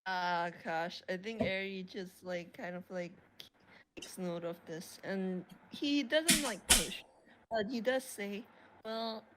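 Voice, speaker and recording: A woman's voice: medium pitch, takes it slowly, heavy background noise. A woman narrating her character in a casual tabletop role-play, rambling with many fillers. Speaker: player and co-narrator.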